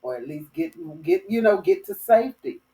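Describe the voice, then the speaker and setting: A woman from Florida telling a lively story as host of a dating advice talk, with folksy phrasing. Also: sits high, moderate pace, vocal fry, recorded from a distance, rough recording. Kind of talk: casual storytelling monologue.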